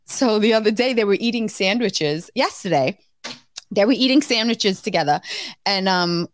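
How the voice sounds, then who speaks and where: A woman's voice: medium pitch, lively intonation, normal speed, slight background noise. A middle-aged woman co-hosting a podcast, rambling through a family story in casual chat. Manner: chatty, rambling, many fillers and restarts. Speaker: podcast co-host.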